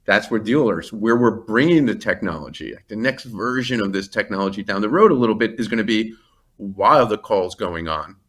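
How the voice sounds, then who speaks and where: A man's voice: on the low side, lively intonation, fairly quick, a bit bright. A man in a business interview, talking about his company in a rambling, enthusiastic way with many asides and restarts. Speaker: company CEO, interview guest.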